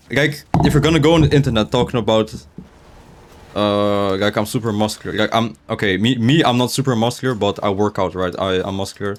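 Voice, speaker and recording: A man's voice: fairly low pitch, brisk, a little hiss or hum. A young man chatting casually while gaming, rambling with many restarts and filler words, his speech slightly unclear. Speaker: gaming streamer. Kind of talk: casual gameplay commentary. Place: his room, seated in a chair.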